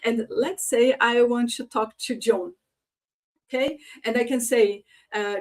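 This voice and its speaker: Woman speaker, slightly high voice, virtual conference talk, lots of "uh" fillers. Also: steady tone, a little slow. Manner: frequent fillers, demonstrates phrases in varied tones. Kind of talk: online presentation on voice and leadership.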